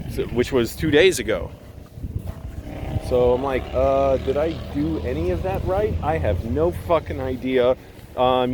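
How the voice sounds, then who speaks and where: A man's voice: a little high, a little mellow, a little hiss or hum, low-quality recording. A young man vlogging outdoors on a hillside while walking, rambling and swearing freely in a casual rant.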